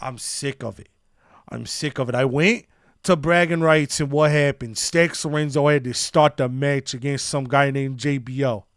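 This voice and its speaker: A man's voice: medium pitch, steady tone, normal speed, dry recording, studio quality, lightly acted. A man voicing a scheming male wrestler with a mob persona who complains indignantly.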